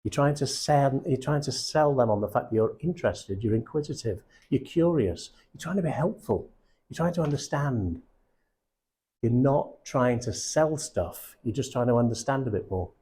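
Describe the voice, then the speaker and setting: A man's voice: medium pitch, animated, normal speed, dark tone, slightly rough. A middle-aged man coaching recruiters, blunt and casual, swearing freely and checking in with his audience. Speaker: sales coach. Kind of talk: live coaching session.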